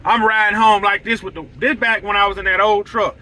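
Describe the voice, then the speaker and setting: A man telling an excitable, repetitive story to viewers from his vehicle. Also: high-pitched, brisk, slight background noise, low-quality recording. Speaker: lawn care business owner. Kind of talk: casual storytelling vlog. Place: vehicle, driving outdoors.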